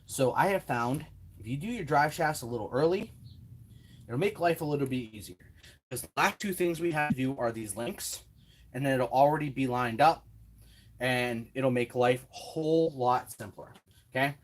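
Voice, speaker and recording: A man's voice: mid-range voice, expressive, moderate pace. A man hosting a hands-on build tutorial, chatting casually and talking himself through each step with self-deprecating asides, at a home workbench. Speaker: RC hobby tutorial host.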